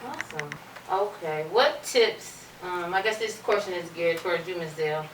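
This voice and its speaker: A woman hosting a panel discussion, asking measured questions and offering brief affirmations. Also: fairly low pitch. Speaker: host, moderator. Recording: echoey room, distant mic, faint noise.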